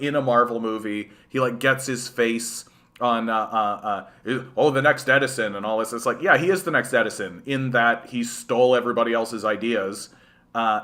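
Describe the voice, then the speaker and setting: Young male livestream host from Canada, bright, sarcastic, swears a lot, trips over repeated words. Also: mid-range voice. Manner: profane, sarcastic, repeats words when heated. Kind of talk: ranting livestream commentary.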